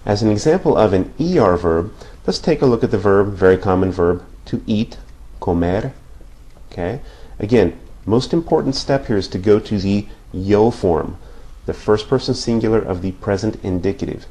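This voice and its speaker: Male language teacher, lower register, patient whiteboard explainer. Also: normal speed, mellow. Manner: patient, repeats points with frequent "okay?" checks. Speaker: Spanish teacher. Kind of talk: whiteboard grammar lesson.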